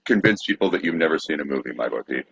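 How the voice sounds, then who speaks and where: A man co-hosting a podcast, talking casually in a dry, steady way as the straight man. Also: rumbling low, fast talker, breathy edge. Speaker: podcast co-host. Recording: dull lo-fi audio.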